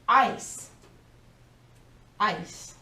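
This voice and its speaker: A woman teaching a vocabulary lesson to a class of young learners, speaking slowly and clearly and encouraging them as they go. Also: pushed and bright. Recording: echoey room, voice from a distance.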